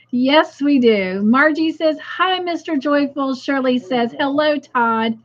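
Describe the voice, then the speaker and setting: A woman's voice: high-pitched, slow pace, pauses often, muffled recording. A woman hosting a casual craft livestream, chatting and greeting viewers by name as she reads their comments aloud.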